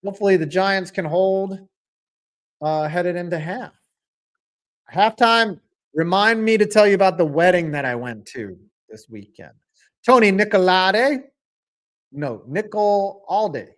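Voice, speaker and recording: A man streaming a live football reaction, excitable and rambling, swinging from loud outbursts to low mutters. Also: unhurried, pauses often. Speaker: sports streamer.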